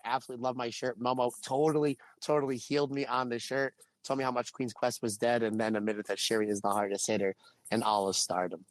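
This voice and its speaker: A man co-hosting a podcast, chatting casually and telling stories with lively energy. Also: medium pitch, fast, dry recording. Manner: animated storyteller. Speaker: podcast co-host.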